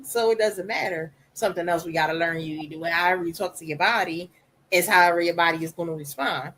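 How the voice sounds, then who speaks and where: Soft-voiced woman, candid and emphatic. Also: on the low side, fast talker, slight background noise, poor audio. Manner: emphatic, animated storytelling with repetition. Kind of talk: candid conversation.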